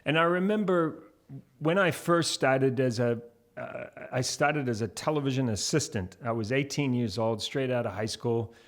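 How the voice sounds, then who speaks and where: A man in his fifties with a New Zealand accent, a guest on an interview show, telling lively anecdotes and slipping into voices. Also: mid-range voice, moderate pace. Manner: animated storyteller, slips into voices. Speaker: guest, television host.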